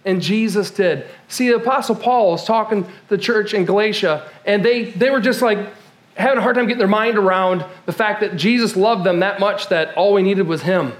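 A man's voice: high-pitched, fairly quick. A male pastor giving a conversational, personal sermon, often stammering and restarting his sentences.

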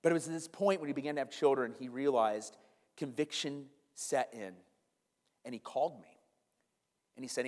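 A man's voice: medium pitch, normal speed, long pauses, a little mellow. Earnest male pastor preaching in a hall. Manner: earnest, conversational preaching with rhetorical questions and acted-out quotes. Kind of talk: sermon.

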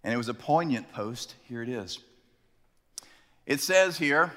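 A male pastor preaching a sermon in a church sanctuary, telling stories with dramatic slowdowns for emphasis. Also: mid-range voice, expressive, sharp tone, in a large hall.

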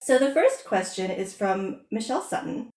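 A woman's voice: mid-range voice, expressive, moderate pace. Woman host chatting casually, kinda echoey room. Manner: chatty, warm thanks, light laughter. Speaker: podcast host. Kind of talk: casual podcast talk.

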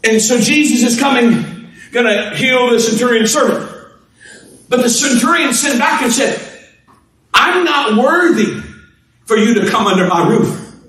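High-voiced fervent preacher man, echoey hall. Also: expressive, unhurried, long pauses, recorded from a distance. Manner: fervent, shouting refrains, laughing between lines. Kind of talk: sermon.

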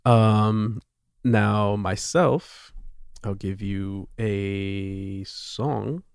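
A young man co-hosting a podcast, laid-back and quick to laugh in casual chat. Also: fairly low pitch, fairly even intonation, vocal fry, clean tone, dry recording, clean studio sound. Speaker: podcast co-host.

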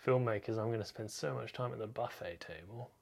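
A man's voice: on the low side, brisk, creaky. A young man hosting a podcast in casual chat, laid-back and self-deprecating, often trailing off and restarting. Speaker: podcast host.

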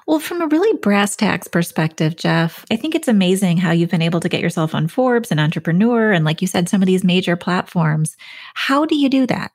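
A woman's voice: on the low side, expressive, brisk, a little mellow, no room sound, studio quality. A woman hosting a podcast interview, encouraging her guest with frequent affirmations. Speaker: podcast host. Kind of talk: casual interview.

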